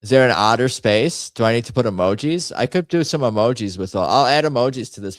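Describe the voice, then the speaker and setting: A man's voice: medium pitch, animated, quick pace, no room sound. A man hosting a casual livestream, rambling and muttering to himself as he types up a poll. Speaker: host.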